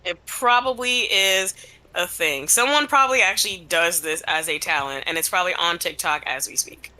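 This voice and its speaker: A woman's voice: lowish voice, normal speed, sharp tone, low-quality recording. A woman chatting casually while playing a game, with dry, laughing reactions. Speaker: co-host. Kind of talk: casual chat while gaming.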